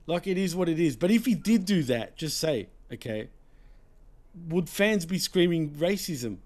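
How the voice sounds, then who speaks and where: A man in casual podcast chat about wrestling, laid-back, often trailing off with low, mumbled tag words. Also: big pitch swings, a little slow, darkish tone.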